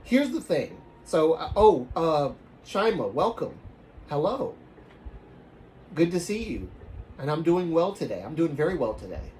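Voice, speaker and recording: Chatty Southern man, slightly high voice. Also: very animated, measured pace, a little hiss or hum. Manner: rambling, frequent self-restarts, trailing off softly. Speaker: livestreamer. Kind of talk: casual storytelling chat.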